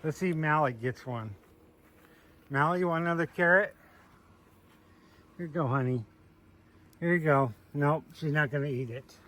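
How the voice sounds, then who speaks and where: Man, casual farm vlog, outdoors by animal pens, sweet coaxing voice, slightly raised pitch. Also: normal speed, pauses often, a bit bright. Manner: talks sweetly to his goats in a coaxing voice. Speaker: homesteader showing his animals.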